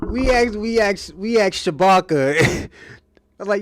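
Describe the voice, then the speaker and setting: A man's voice: high voice, animated, a little slow, dry recording, studio quality. A man hosting a live stream, telling crude stories in casual talk and laughing often.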